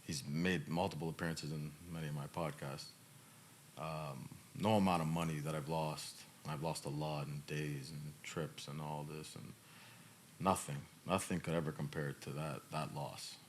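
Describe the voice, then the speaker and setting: A male podcast host, choked up and emotional, answering questions in a reflective, halting way with many fillers. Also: very deep voice, steady tone, slight background noise.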